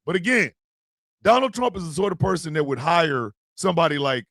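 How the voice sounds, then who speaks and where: A man hosting a comedic live stream, joking loudly and swinging between shouts and mutters. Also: fairly high pitch, sing-song, a little fast, no room sound. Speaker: livestream host.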